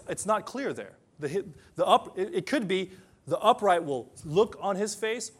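A man preaching a sermon to people whose first language is different, telling stories and then leading a quiet prayer. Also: on the high side.

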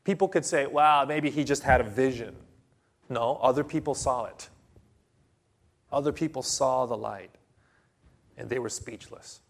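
Slow, dramatic male preacher. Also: mid-range voice. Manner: slow, dramatic storytelling with sudden loud bursts. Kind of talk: sermon.

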